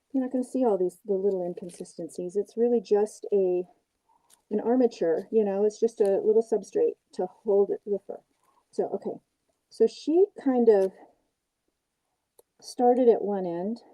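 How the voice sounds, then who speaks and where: Her warm, mid-range voice moves at a measured pace with frequent pauses, captured on low-quality audio. This older puppet maker runs a crafting livestream, chatting in a self-deprecating, casual way and describing each step as she builds a puppet, moving from the porch outside to her workshop at home.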